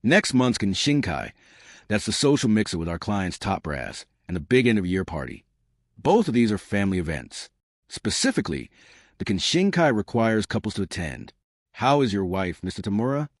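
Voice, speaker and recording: A man voicing a stern, calculating middle-aged boss who speaks in measured, pointed phrases. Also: fairly low pitch, sing-song, no echo, studio quality.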